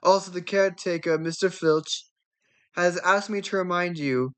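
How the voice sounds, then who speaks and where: A woman's voice: deep voice, fairly bright tone, clean tone. A woman voicing an elderly male headmaster making formal announcements in a fan reading of a film script.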